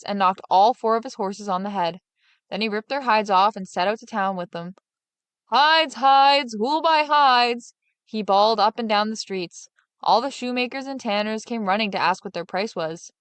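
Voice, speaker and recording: A woman reading a fairy tale aloud as a storyteller, in a steady, even narration. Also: mid-range voice, moderate pace, dry recording.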